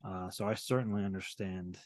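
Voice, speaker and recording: A man's voice: sits low, steady tone, a little fast, no echo, studio quality. A man hosting a podcast interview, speaking in a hesitant way with many fillers. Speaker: podcast host. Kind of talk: casual interview talk.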